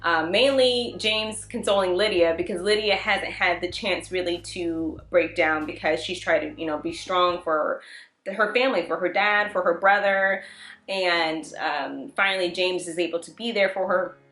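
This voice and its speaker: Animated woman recapping a TV show. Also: lowish voice, moderate pace, echoey room. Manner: animated retelling, acting out characters' lines. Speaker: TV review vlogger. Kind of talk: casual recap and review.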